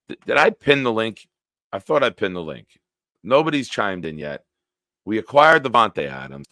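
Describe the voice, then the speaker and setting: A man hosts a casual sports live stream and rants freely, swearing often. His voice sits fairly low but comes across hard and forceful. The sound is dry and close, with no room around him. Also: no echo. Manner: profane, riled-up ranting; answers live chat comments. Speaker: sports talk show host.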